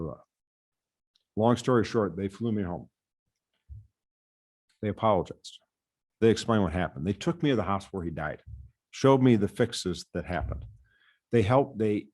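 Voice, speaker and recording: Earnest low-voiced man testifying. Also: dark tone. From US Midwest. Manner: earnest, with frequent word repeats. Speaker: patient safety advocate testifying. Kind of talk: prepared committee testimony.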